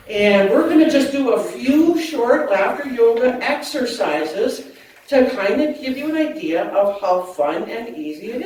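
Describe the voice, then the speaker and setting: Laughing woman leading a group. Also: on the high side. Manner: lively and laughing, playful asides. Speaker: laughter yoga leader. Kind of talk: talk to a group. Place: community hall. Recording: echoey hall, mic at a distance.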